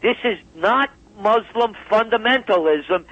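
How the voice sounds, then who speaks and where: A man's voice: fairly high pitch, expressive, normal speed, fairly bright tone, faint music behind. A man speaking as a guest in a radio interview, emphatic and heated as he tells a story. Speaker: guest commentator. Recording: dull dry phone line.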